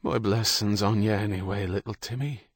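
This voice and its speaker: A man voicing an aging village priest in an audiobook, speaking in a hushed, sighing way that flares into bitterness. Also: fairly low pitch, fairly even intonation, normal speed, husky, no echo, clean studio sound. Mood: grieving. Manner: mournful, hushed and sighing, flaring into bitter outbursts. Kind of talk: audiobook character reading.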